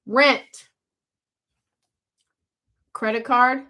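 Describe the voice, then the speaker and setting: A woman hosting a phone live stream, pitching her courses fast and urgently, repeating herself and calling out viewers by name. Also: fairly even intonation, pushed and bright. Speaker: livestream host selling online courses.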